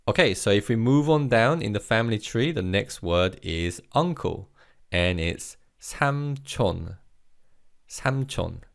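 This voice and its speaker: A male language teacher with a fairly low voice that rises and falls a lot. He walks learners through words carefully and patiently, pausing for them to repeat after him. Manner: slow, clear, encouraging listen-and-repeat delivery. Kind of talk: guided vocabulary lesson.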